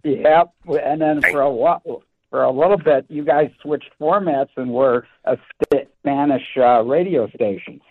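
Older male caller, mid pitch, friendly and halting, phone-line sound. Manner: friendly, recounting dates, halting with fillers. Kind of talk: call-in talk radio.

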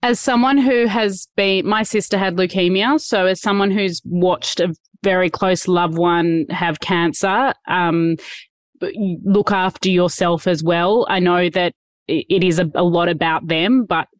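A woman's voice: on the low side, fairly even intonation, measured pace, no room sound, clean studio sound. A woman hosting an interview, asking sympathetic, coaxing questions. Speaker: podcast host.

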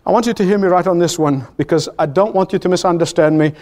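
High-voiced emphatic male preacher. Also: a little mellow, a little hiss or hum. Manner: emphatic, repetitive preaching cadence; swings between high exclamations and low, drawn-out solemn lines. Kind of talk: sermon.

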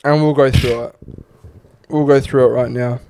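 A man's voice: medium pitch, steady tone, moderate pace, mellow. A man co-hosting a casual podcast, swearing freely and reading listener stories aloud. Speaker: podcast co-host.

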